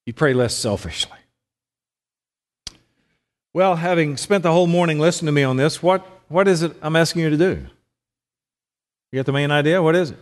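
A man's voice: fairly high pitch, moderate pace, pauses often, long reverb tail. A middle-aged man giving a conversational sermon, often putting questions to his listeners. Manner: conversational, asks the audience questions. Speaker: preacher.

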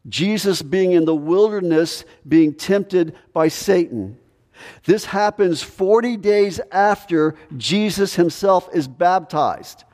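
High-voiced preaching man, long hall reverb. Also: darkish tone. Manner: earnest, measured preaching with verse-by-verse explanation. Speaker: pastor. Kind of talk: sermon. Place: church sanctuary.

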